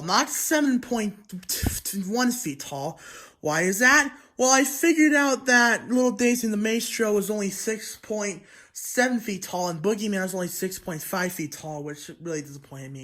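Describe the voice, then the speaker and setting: A toy reviewer talking through a casual review video, excitable and rambling, with many restarts and frequent throat clearing. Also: medium pitch.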